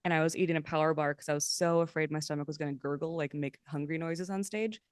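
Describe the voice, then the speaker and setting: A young woman improviser chatting as a podcast guest, self-mocking and animated when quoting people. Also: low-pitched, fast, clear, resonant tone, no room sound, studio quality. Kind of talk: casual chat.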